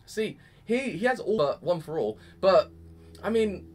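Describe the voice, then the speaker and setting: A young man casually reviewing an anime episode, excitable and gushing, peppering his talk with "freaking". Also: high-pitched, a little slow.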